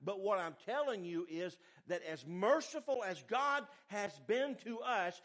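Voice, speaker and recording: A male pastor, preaching a sermon with animated swings between loud emphasis and quiet asides. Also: measured pace, few pauses. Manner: animated preaching, pitch and volume rising and falling widely.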